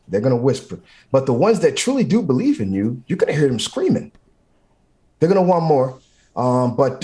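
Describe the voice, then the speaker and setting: A man's voice: medium pitch, dark tone. A man, a firefighter guest in an interview, giving motivational talk in short, repeated, punchy phrases.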